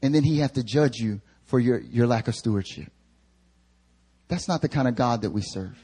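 Animated young man preaching a sermon. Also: mid-range voice, normal speed, husky. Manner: animated casual storytelling with slang; rising emphatic preaching. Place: church service.

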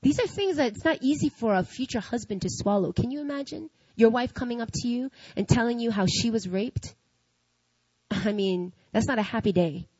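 A woman's voice: a little high, moderate pace, mellow, dry recording. A woman giving an earnest, confessional faith testimony, often adding "you know what I mean.". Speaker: speaker sharing a personal testimony. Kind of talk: emotional faith testimony to an audience. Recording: dull lo-fi sound.

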